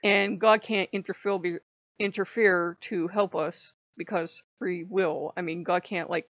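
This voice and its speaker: A woman ranting on her vlog in an animated, sarcastic way, swearing freely, on a dull, dry recording. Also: on the low side, unhurried, dry recording. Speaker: vlogger. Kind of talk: casual vlog rant.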